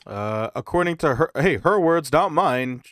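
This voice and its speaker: A man's voice: a little high, lively intonation, measured pace, fairly bright tone, no room sound, studio quality. A man co-hosting a casual podcast chat, blunt and sarcastic, with some cursing.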